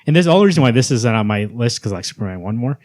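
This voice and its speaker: A man's voice: mid-range voice, dry recording. A man co-hosting a podcast, chatting casually about comic book movies and acting out quotes. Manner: rapid, animated, acts out quotes. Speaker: podcast co-host.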